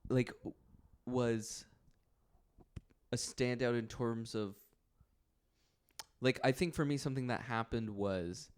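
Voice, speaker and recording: A man's voice: medium pitch, slow, pauses often, smooth. Laid-back man joking on a podcast. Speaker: podcast co-host. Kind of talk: casual chat.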